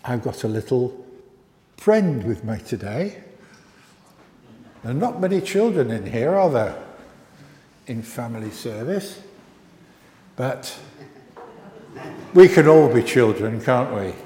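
A man, a licensed lay minister, leading a family service with a puppet, gentle and coaxing with children. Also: mid-range voice, sing-song, slow pace, pauses often. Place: church. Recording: echoey church hall.

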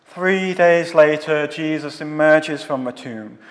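A man preaches slowly and deliberately, his voice pitched a little high. He builds his points in long solemn rhetorical lists. The sound rings with the long reverb of a large hall. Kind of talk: scripted theological sermon.

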